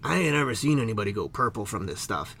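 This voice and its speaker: A man's voice: fairly low pitch, big pitch swings, fast talker, pushed and bright, slightly rough, voice pushed down, exaggerated voice. A man voicing a laid-back stoner giant squirrel who drawls in surfer slang. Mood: mellow.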